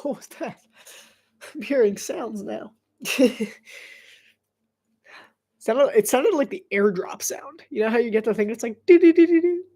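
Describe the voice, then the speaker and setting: A woman commentating a football game live from home, talking into her own mic. Her voice sits a little high, and she fills the gaps between plays with chatty jokes and easy laughter. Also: unhurried, long pauses, a little mellow, breathy edge. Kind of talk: solo live play-by-play commentary.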